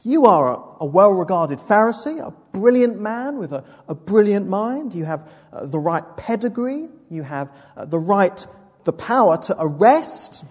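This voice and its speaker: Slow, expressive woman preacher in a hall. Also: mid-range voice, husky. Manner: vivid, expressive storytelling with asides. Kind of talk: sermon. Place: church. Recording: echoey hall with long reverb.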